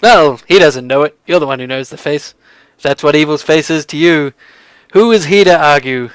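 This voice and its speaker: Casting: male game master, slightly high voice, dry close mic, loose rambling delivery. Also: normal speed, clear, resonant tone, no room sound. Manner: rambling with frequent fillers. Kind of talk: narrating a tabletop game.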